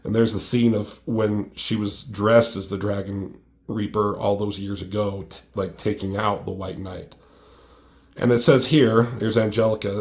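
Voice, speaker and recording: A man's voice: on the low side, fairly even intonation, normal speed, a little mellow. A young man in casual chat, walking through his own comic book, with many fillers like "like" and "um".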